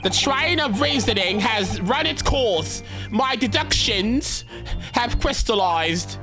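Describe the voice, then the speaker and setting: A man doing a grandiose high British detective. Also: expressive, over music, heavily acted. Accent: put-on British. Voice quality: theatrical, drawn-out.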